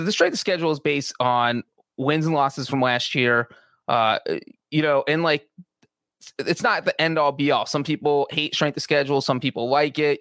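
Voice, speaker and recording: Podcast regular, man, chatty and analytical, raised pitch, dry mic. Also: fairly bright tone, no room sound. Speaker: football writer and podcast regular. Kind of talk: casual podcast sports talk.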